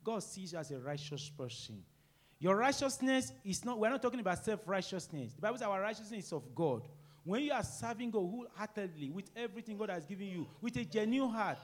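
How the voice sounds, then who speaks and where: A middle-aged man preaching a sermon, swinging between loud emphatic rises and quiet, low asides. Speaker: pastor.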